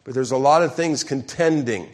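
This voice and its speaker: A man's voice: medium pitch, normal speed, a little mellow. A man preaching a sermon as pastor, leading call-and-response with his congregation and speaking emphatically.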